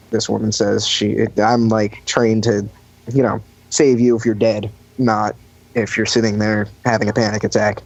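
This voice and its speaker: A man's voice: mid-range voice, darkish tone, dry recording. A young man rambles through a story on a casual podcast, leaning on fillers and putting on voices for the people he quotes. The recording is dry and a little dull, like a cheap mic in a small space. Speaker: podcast guest recounting lifeguard job. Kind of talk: casual chat.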